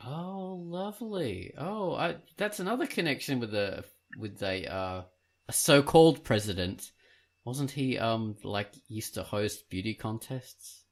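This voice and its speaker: A man hosting a casual podcast interview, teasing the guest and hesitating often. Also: mid-range voice. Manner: unhurried, lively and teasing, with lots of hesitations. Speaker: podcast host.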